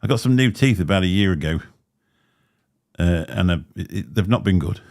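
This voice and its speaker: A man's voice: low-pitched, expressive, normal speed, a little mellow. A man hosting a livestream, chatting in a rambling way with a slight lisp and frequent laughs. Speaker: livestream host. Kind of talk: casual chat. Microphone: desk microphone.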